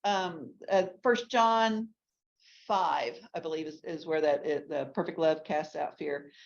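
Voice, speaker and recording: A woman's voice: deep voice, measured pace, gravelly. A woman from Texas, teaching a ladies' Bible class in a chatty way full of restarts and asides. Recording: dull lo-fi recording.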